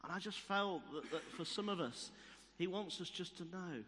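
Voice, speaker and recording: A man's voice: high voice, lively intonation, normal speed, fairly bright tone, a little hiss or hum. Man preaching in a reverberant hall. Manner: storytelling, repeats key phrases for emphasis. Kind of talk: sermon. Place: church hall. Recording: long reverb of a church hall.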